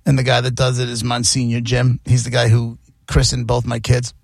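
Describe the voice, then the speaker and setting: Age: adult. Sex: man. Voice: gravelly, dry studio sound. Style: chatty radio host. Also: mid-range voice, monotone, brisk, dry recording. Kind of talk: casual radio chat.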